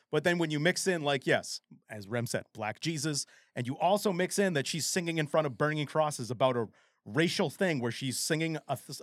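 A man co-hosting a podcast in casual chat, animated and rambling, with frequent swearing. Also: mid-range voice, dry recording, studio quality. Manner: animated, profane, rambling storyteller. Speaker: podcast co-host.

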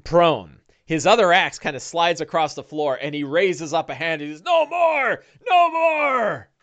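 A man's voice: a little high, normal speed, highs cut off. A man narrating as game master of a tabletop game, talking casually with many filler sounds. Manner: lively, casual, frequent uh fillers.

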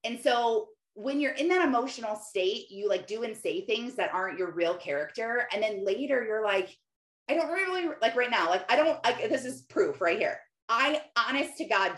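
A woman in her thirties chatting casually about faith and family, rambling and filling her talk with "like". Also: mid-range voice. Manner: chatty, rambling, lots of "like" fillers. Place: home office. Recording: roomy echo.

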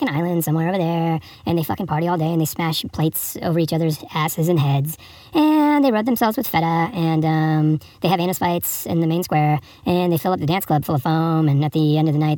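A man's voice: a little high, a little mellow, dry recording. A man hosting a podcast, telling improvised comic stories in a crude, rambling, profane way and breaking into a read fable with jokey asides. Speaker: podcast host.

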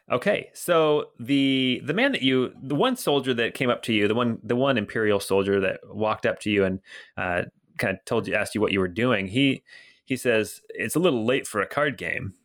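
A man with a mid-range, slightly bright voice speaks at a normal speed as game master for a tabletop game. His narration is loose and packed with fillers.

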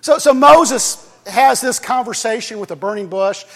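A man's voice: very high-pitched, moderate pace, vocal fry. A man preaching a sermon as pastor, talking casually with jokes and restarts. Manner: conversational preaching with jokes and repetitions. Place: church sanctuary. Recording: long reverb of a church hall.

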